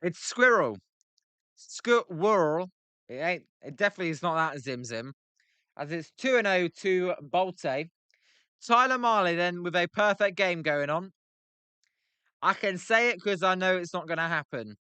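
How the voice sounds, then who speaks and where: His voice sits high, pushed and bright, clear and resonant, at a moderate pace with no echo. The young British man is hosting a live stream, casually reacting to a baseball game while bantering with chat and joking about how things are pronounced.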